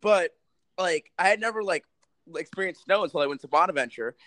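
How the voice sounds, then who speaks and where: A man's voice: high voice, a little fast, sharp tone, no echo. A man in his twenties co-hosting a podcast, chatting casually in a rambling, self-deprecating way and laughing often. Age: 20s. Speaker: podcast co-host. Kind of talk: casual chat. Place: Minnesota.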